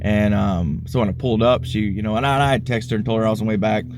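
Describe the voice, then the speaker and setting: A man's voice: fairly low pitch, fairly even intonation, racing, over music. A man from Alabama, rambling earnestly through a personal faith testimony, married with a family. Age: adult, married with kids. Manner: rambling, earnest, heavy on "you know". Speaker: vlogger sharing a faith testimony. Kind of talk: casual spoken testimony.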